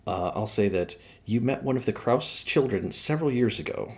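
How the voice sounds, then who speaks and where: Acting as game master for a tabletop game, a man narrates haltingly, with many fillers and restarts. His medium-pitched voice is expressive, though the lo-fi recording sounds dull.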